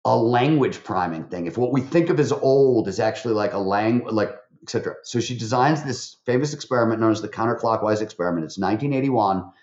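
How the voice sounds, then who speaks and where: A man, a podcast guest, tells stories in an animated way, with lots of fillers and restarts. His voice jumps up when he quotes people. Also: on the low side, fairly quick, few pauses. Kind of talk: animated interview storytelling. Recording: roomy, slightly dull recording.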